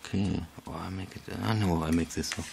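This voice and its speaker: A man's voice: sits low, steady tone, a little fast, gravelly, noisy background. A man, chatting casually through a craft tutorial in broken English, rambling and laughing at himself. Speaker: video maker.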